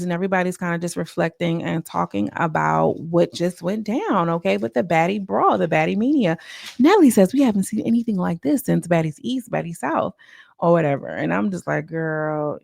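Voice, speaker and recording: A woman's voice: on the low side, gravelly, dry recording, clean studio sound. A young woman in casual, chatty talk, recapping a reality show and acting out the cast's lines in a heightened voice. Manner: chatty, acts out cast quotes in a heightened voice.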